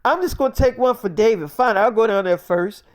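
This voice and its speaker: A man voicing his sharp-tongued, exasperated wife in a survival story, snappy and sarcastic. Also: high voice, fairly quick, dry recording, voice pushed up, close to an everyday voice. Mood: defiant.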